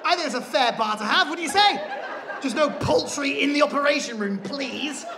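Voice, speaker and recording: A man performing a stand-up comedy set on a theatre stage, telling a story with animated, shouted rants. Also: extremely high pitch, brisk, background noise. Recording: live theatre, audience laughter. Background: audience laughing.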